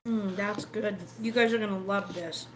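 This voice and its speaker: A woman's voice: mid-range voice, steady tone, normal speed, noisy background. A woman hosting a casual cooking livestream, chatting and explaining each step as she bakes. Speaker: cooking show host.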